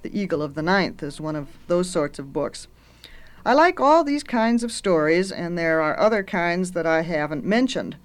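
A woman's voice: on the low side, lively intonation, moderate pace. Earnest woman teacher talking books. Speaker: university teacher. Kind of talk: reading aloud and talking about books.

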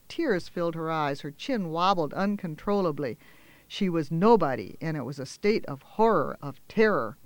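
A man telling a children's story aloud in a gentle, expressive way, with small pauses and fillers. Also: high-pitched, no echo.

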